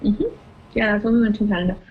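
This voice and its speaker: A woman's voice: medium pitch, fairly even intonation, fast, phone-quality sound, music in the background. A woman from New Mexico chatting casually in a truck cab, rambling on about her plans. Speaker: co-driver on a trucking trip. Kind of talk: casual chat.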